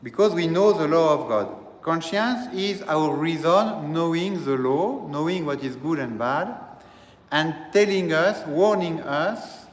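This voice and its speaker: A man who serves as a priest, delivering a slow, deliberate teaching sermon and repeating phrases as he explains. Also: on the high side, lively intonation. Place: church. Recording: echoey church hall, faint ambience.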